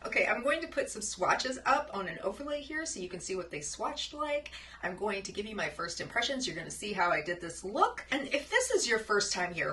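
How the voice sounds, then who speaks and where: A woman chatting excitedly through a makeup tutorial, often dropping to a soft murmur as she works. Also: medium pitch, a little fast, few pauses, background noise. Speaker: makeup vlogger. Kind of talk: casual makeup tutorial chat.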